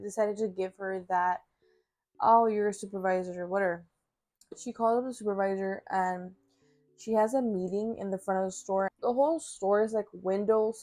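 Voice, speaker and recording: A woman's voice: medium pitch, darkish tone, dry recording. Blunt young woman ranting, dry sound. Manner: blunt, profane, frequent fillers. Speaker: vlogger. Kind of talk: casual storytelling rant.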